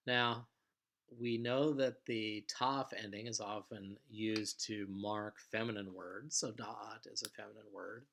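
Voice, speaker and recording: A man teaching a recorded vocabulary lesson in a patient, explanatory way, with frequent pauses and fillers. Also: lowish voice, fairly even intonation, vocal fry, fairly bright tone.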